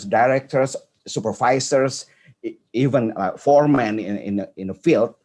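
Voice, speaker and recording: A man with an Indonesian accent telling an earnest personal story at a conference, halting and restarting often. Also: medium pitch, darkish tone, husky. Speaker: conference speaker.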